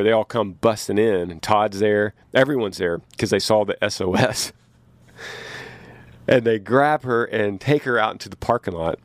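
A man who tours as a musician, telling a story in a casual podcast from his tour bus, getting animated as he recounts his confusion. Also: no room sound. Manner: animated, rises in pitch when recounting confusion. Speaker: touring musician. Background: train passing.

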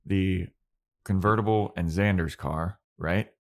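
A man co-hosting a casual podcast, recapping a TV episode in a laid-back way. His voice sits low and deep. Now and then he jumps into a quick impression of the characters. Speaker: podcast co-host.

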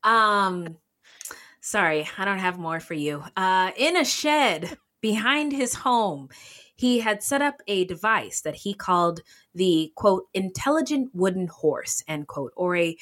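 A woman's voice: mid-range voice, expressive, unhurried, a bit bright. A woman co-hosting a true-crime podcast, chatting casually with giggles and tangents. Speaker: podcast co-host.

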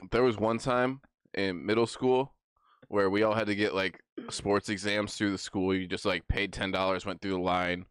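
A young man co-hosting a podcast, dropping dry, deadpan quips and stories. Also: lowish voice, normal speed, smooth, no echo. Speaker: podcast co-host. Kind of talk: crude comedic chat.

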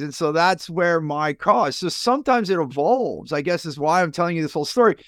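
A middle-aged man, a business coach and podcast guest, telling his life story in an animated way and jumping up in pitch when he acts out other people. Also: brisk, few pauses, no room sound, studio quality. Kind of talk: personal storytelling in an interview.

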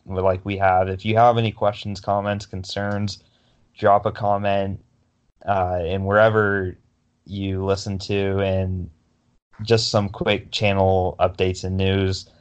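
Low-voiced young man rambling about sports. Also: level tone, slow pace, clear, resonant tone. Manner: rambling, many fillers and restarts. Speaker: podcast co-host. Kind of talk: casual sports chat.

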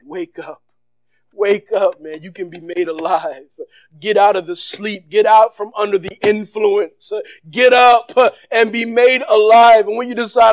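A pastor delivers a sermon at a measured pace with no room sound. He is loud and animated, repeats himself, drops casual slang, and alternates between shouting and soft, low stretches.

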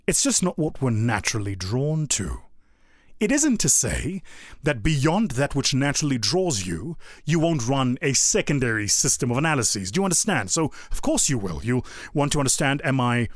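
A man giving a motivational talk, his pitch rising and falling with real energy. He works through rhetorical questions with emphatic pauses, and the recording is close and dry with no room sound. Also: sing-song, dry recording. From South Africa. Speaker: speaker.

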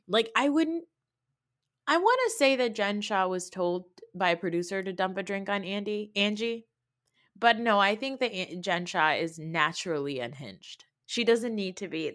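A woman's voice: on the low side, fairly bright tone, dry recording, clean studio sound. Blunt, opinionated woman recapping reality TV. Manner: opinionated, blunt, swears freely; mocking imitations of people. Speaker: podcast host. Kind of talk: casual recap commentary.

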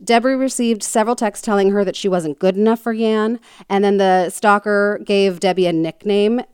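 A woman's voice: medium pitch, fairly even intonation, normal speed, a little mellow, smooth, no echo. Woman podcast host, chatty true-crime storyteller, filler-heavy and jokey, dry close sound. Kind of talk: casual storytelling chat.

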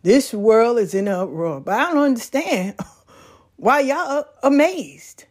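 A woman's voice: a little high, measured pace. Folksy woman spinning a story. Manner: folksy, animated storytelling with laughs. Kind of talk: casual monologue. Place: back porch, outdoors.

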